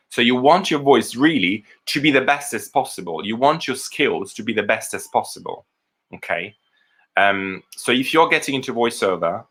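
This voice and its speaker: A man's voice: lowish voice, bright, forceful tone. A man giving a live online lesson on voiceover work, explaining at length and often checking in with his listeners. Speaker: voiceover coach.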